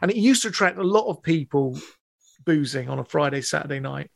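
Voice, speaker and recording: Male, 50s, animated storyteller, casual and slangy. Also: on the high side, fairly quick, creaky, dry recording. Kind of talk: casual anecdote telling.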